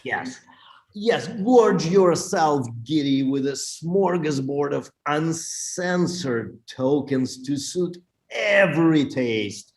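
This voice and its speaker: A man guest on a comedy panel game, reading in a theatrical, drawn-out way. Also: a little high, lively intonation. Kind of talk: dramatic reading, then casual banter.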